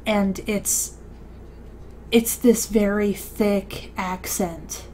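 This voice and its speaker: Slow, hesitant woman gaming commentator. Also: medium pitch, steady tone, mellow, a little hiss or hum. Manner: hesitant, rambling with many fillers and restarts. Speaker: let's play commentator. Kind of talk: casual gameplay commentary.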